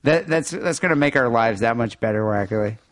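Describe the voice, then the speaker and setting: A man with a nasal voice hosts a loose, irreverent podcast, his pitch bouncing up and down as he plugs the show and reads out listener mail. The sound is close and dry, with no room around it. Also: brisk, no room sound. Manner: animated, reads listener emails aloud. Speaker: podcast host. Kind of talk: casual podcast banter.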